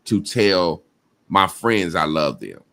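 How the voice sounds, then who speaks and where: A man's voice: low-pitched, sing-song, slow pace, vocal fry, pushed and bright. A man hosting a podcast, talking candidly and rambling, often checking in with "you know what I'm saying?". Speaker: podcast host. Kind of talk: casual chat.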